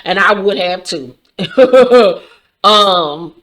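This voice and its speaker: A woman's voice: mid-range voice, expressive, very slow, a bit bright. A woman recapping a TV episode in a casual, slangy and profane storytelling chat.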